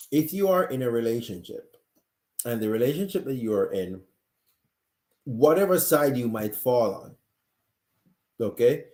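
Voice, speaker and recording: A man hosts a live-streamed talk show while sick and coughing, with a mellow, dark tone. He speaks earnestly and directly to his audience and often restarts his sentences. The sound has the echo of a hard-walled room. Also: medium pitch. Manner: earnest, talks straight to viewers, frequent restarts. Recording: echoey room.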